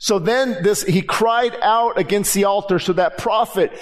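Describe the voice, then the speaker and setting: A man's voice: high voice, measured pace. A man preaching a sermon as pastor, impassioned, with frequent restarts and rising emphasis. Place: church sanctuary.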